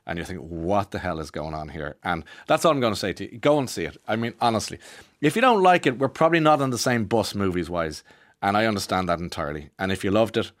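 A rambling Irish man hosting a radio slot, his voice sitting low. He chats casually and restarts his sentences often. The sound is close and dry, like a studio mic. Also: very animated, quick pace, a bit bright, no room sound. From Ireland. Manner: chatty, rambling, with many restarts and asides. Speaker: radio presenter. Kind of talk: casual monologue.

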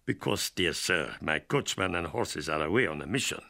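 A man's voice: deep voice, expressive, normal speed, vocal fry, sharp tone, exaggerated voice. A man voicing a courtly, sinister old male vampire count in an audiobook, speaking with stately, suave courtesy that hides menace. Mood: courteous. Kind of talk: audiobook character voice.

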